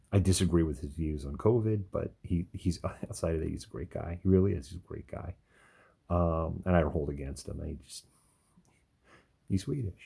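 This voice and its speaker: A man hosting a livestream, telling rambling stories in a relaxed chat with frequent chuckles. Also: low voice, vocal fry, husky. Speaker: livestream host. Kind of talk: casual chat.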